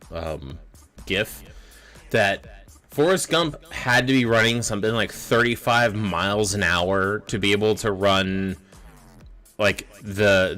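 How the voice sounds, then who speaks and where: A man co-hosting a livestreamed trivia game, animated and profane, tripping over restarts. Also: on the low side. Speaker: trivia co-host. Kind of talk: casual livestream banter.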